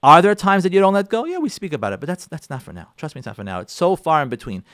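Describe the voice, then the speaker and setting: A man's voice: a little high, big pitch swings, very fast, a bit bright, no echo, clean studio sound. A man, a rabbi, giving an emphatic, repetitive talk on letting go in marriage, acting out spouses' quarrels. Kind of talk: sermon-style talk on relationships.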